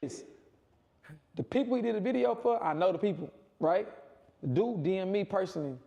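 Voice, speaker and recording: A man casually telling a long personal story, rambling and repeating himself, with animated quoted voices. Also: a little fast, vocal fry, muffled recording. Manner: rambling, repetitive, punctuates with "boom" and "right?". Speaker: storyteller in a played clip.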